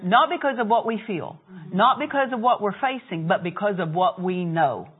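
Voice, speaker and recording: A woman's voice: mid-range voice, normal speed, husky. A woman preaching a sermon, retelling a story and acting out laughs and quoted lines. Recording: tinny phone-like sound.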